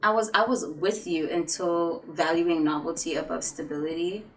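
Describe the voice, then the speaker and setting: A young woman vlogging casually about her personality test results, playful and dramatic, with sudden loud bursts of excitement. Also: on the low side, moderate pace, slight background noise, rough recording.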